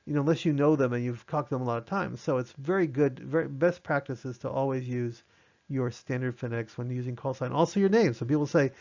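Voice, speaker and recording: A man's voice: mid-range voice, fast talker, creaky, a little mellow, dull audio. A man teaching an online amateur radio class in a conversational way, acting out short radio exchanges as examples.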